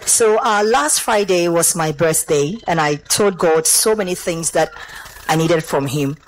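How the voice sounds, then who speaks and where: A woman with a Ghanaian accent giving an animated church testimony, slipping between English and Twi. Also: lowish voice, measured pace, slight background noise, rough recording.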